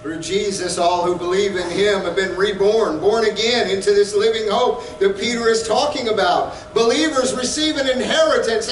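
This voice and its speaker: Pastor guy preaching hard, shouts now and then, high voice, boomy hall, mic kinda far. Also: normal speed, few pauses. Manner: fervent preaching, swelling to shouts. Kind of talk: sermon.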